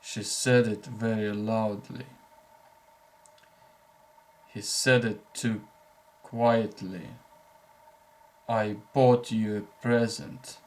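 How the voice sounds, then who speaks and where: A male English teacher, a native Russian speaker, reading short example sentences for learners slowly and deliberately, with clear breaks between sentences. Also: lowish voice, darkish tone.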